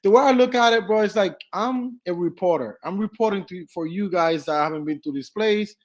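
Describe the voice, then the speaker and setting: A young man vlogging casually, telling lively stories with swearing and acted-out quotes. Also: high voice, a little fast. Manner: animated, swearing, acts out quotes. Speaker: travel vlogger. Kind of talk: casual storytelling.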